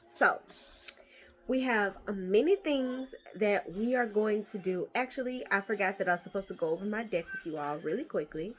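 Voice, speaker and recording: A woman vlogger chatting casually as she opens card packs, animated and swearing freely. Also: mid-range voice, normal speed, slight background noise. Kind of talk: casual chat.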